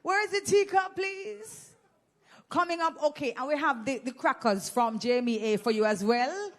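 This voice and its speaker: Jamaican woman MC, high voice, teasing crowd-work host on a handheld mic. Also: normal speed, a bit bright. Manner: playful, teasing, exclamatory. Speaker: event host. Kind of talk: lively audience giveaway hosting. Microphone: handheld microphone.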